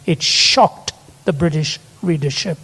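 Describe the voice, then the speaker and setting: A man's voice: on the high side, measured pace, sharp tone, slightly rough. An older man preaching a sermon, telling stories earnestly and building to emphatic peaks. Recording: long hall reverb.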